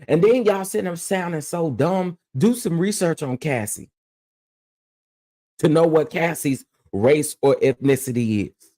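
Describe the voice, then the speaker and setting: A man's voice: a little high, big pitch swings, unhurried, mellow. A man hosting his own commentary channel, ranting bluntly and emphatically and repeating phrases to press his point.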